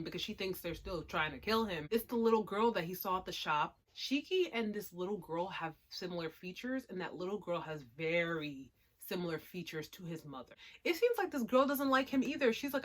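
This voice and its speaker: A woman hosting a casual spoken review, talking emphatically and moving from hushed remarks to loud outbursts. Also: lowish voice, lively intonation, a little fast, few pauses. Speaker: anime reviewer.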